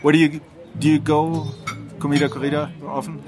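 A man's voice: fairly high pitch, flat delivery, brisk, music in the background. A man hosting a podcast in casual chat, adding short, dry remarks. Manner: brief, dry interjections. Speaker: podcast host. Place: restaurant, then home balcony.

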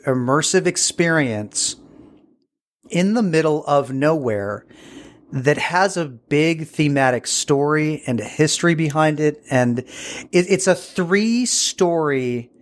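A man as an interview guest, telling a story casually and digressively, searching for words as he goes. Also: on the high side.

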